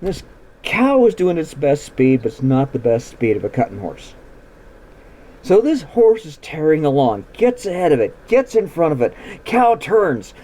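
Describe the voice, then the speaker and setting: A man tells a ranch story in a casual, folksy, plain-spoken style. His voice sits a little high for a man, with a mellow tone, and his pitch moves around a lot as he narrates. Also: very animated, measured pace, poor audio. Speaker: storytelling host.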